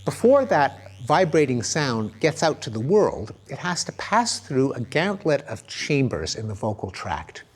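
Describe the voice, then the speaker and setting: A man's voice: mid-range voice, very animated, unhurried, few pauses. A middle-aged man giving a recorded academic lecture, explaining ideas and demonstrating sounds aloud with emphatic intonation.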